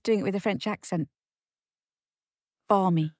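Older woman, lowish voice, dry close sound, teasing wry chat with her husband. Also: fairly quick, a little mellow, no echo. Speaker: podcast co-host. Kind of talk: casual chat.

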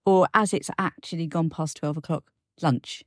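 A woman's voice: low voice, steady tone, dry recording, clean studio sound. A woman, co-hosting a casual chat in a chatty, teasing way. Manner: chatty, teasing, quick to laugh. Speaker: podcast co-host.

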